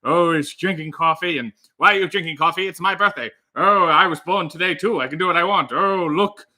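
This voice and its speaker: A man putting on a manic, excitable comic impression that rambles breathlessly between scattered thoughts. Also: fairly high pitch, fairly quick.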